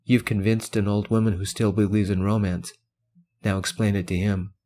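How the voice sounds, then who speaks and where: A man voicing a soft, whispering old woman. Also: on the low side, level tone, moderate pace, lightly acted. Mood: tender. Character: soft-spoken old woman who believes in romance.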